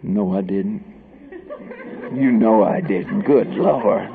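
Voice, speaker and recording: A man preaching a sermon through humorous stories, swinging from hushed whispers to loud shouts. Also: fairly low pitch, takes it slowly, vocal fry, crowd noise. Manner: humorous, tells tall tales for laughs. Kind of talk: sermon storytelling. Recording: tinny phone-like band with faint noise.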